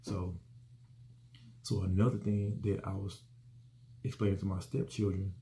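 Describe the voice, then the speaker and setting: Middle-aged man, gravelly fry in the voice, earnest rambling host. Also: low-pitched, flat delivery, measured pace, mellow. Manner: rambling, earnest, repeats words. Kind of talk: casual personal reflection.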